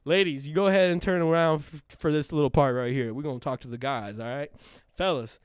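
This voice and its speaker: Brief: young man, podcast co-host, slightly high and smooth, very dry close mic, animated and profane, laughs a lot. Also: quick pace, dry recording. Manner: animated, profane, laughs often, acts out quoted people. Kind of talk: casual chat.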